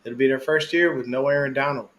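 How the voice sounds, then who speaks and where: A man co-hosting a casual sports podcast, chatting in an animated, slangy way and laughing often. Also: mid-range voice, fast talker, a little hiss or hum. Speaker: podcast co-host.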